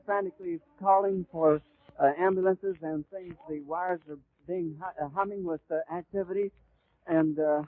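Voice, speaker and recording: A man's voice: high-pitched, no room sound. A man giving vivid live eyewitness radio commentary, describing the scene in flowing detail with occasional stumbles. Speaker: radio announcer. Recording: tinny, dry 1930s radio recording.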